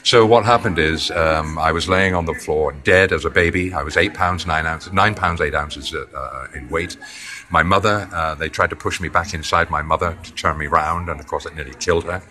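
An English man in his seventies with a deep voice, rambling through long anecdotes as an interview guest. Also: a little fast, pushed and bright. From England. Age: 70s. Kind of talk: anecdotal storytelling. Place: indoors near a corridor.

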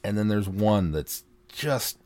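Older man with a lively, low voice. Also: takes it slowly, no echo. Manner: animated storyteller who laughs often. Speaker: podcast co-host. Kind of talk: casual chat.

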